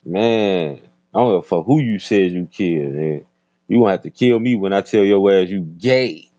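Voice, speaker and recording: A man with a Chicago accent hosting a casual livestream chat, telling stories in a loud, profane way. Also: sits low, animated, normal speed, no echo, lo-fi sound. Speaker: host.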